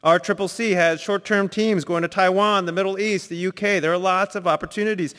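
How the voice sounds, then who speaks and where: A man preaching a sermon, telling a personal story, sometimes quiet and reflective, sometimes emphatic. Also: high-pitched, steady tone, fairly quick, smooth, in a large hall. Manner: storytelling, shifts between soft reflective and emphatic. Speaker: pastor. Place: church sanctuary.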